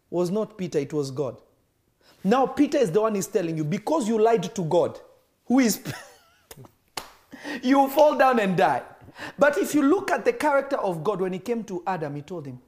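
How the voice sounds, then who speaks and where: Animated preacher with a lively voice. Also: male voice, sits high, moderate pace. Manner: animated, acts out dialogue in varied voices. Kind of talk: sermon.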